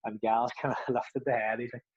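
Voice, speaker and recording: Husky man telling a story. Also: medium pitch, flat delivery, fairly quick, no room sound, highs cut off. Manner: rambling, laughs often, restarts. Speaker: former footballer, podcast co-host. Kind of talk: casual storytelling.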